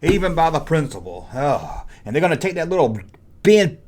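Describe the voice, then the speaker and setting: A man hosting a jokey rant, with animated delivery and mock-taunting asides. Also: a little high, normal speed. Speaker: host. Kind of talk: ranting toy and costume commentary.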